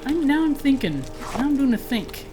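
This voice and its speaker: A woman's voice: high voice, sing-song, moderate pace. A woman giving chatty, casual let's-play commentary, talking to herself and her viewers and letting out jumpy shrieks at enemies. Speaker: gaming streamer. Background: game music.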